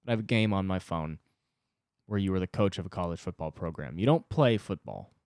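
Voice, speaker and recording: A man in his twenties hosting a solo comedy podcast, ranting in an agitated, profane way with sudden jumps in pitch. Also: fairly quick, a little mellow, clear, resonant tone, no echo, clean studio sound. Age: 20s. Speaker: podcast host.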